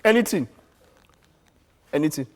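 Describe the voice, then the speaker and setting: A man's voice: a little high, measured pace. Joking man co-hosting morning TV. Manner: jokey, laughing, animated teasing. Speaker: morning show co-host. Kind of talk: live breakfast TV banter.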